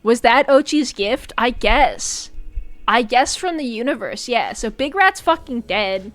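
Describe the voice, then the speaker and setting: A young woman streaming from home, telling a story to her viewers in a casual, animated way, laughing often and breaking into high squeals. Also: measured pace, dry recording, faint music behind. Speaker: VTuber streamer.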